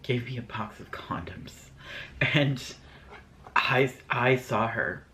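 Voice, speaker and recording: A man's voice: mid-range voice, takes it slowly, sharp tone, a little hiss or hum. A man telling ghost stories in a casual storytime vlog, scatterbrained and rambling with lots of fillers. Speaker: vlogger.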